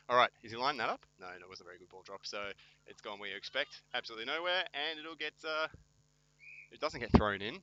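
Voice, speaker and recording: A man's voice: on the low side, bright, forceful tone, poor audio. A man giving joking amateur commentary at a local football match, wry, self-mocking and teasing his co-host.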